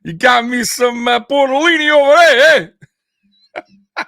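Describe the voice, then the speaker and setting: A brash New York tough guy, put on by a man with a heavy, exaggerated accent, pitched up high and drawn out. The tone is bright and forceful. The sound is dry and close. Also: measured pace, no room sound, full character voice. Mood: mocking.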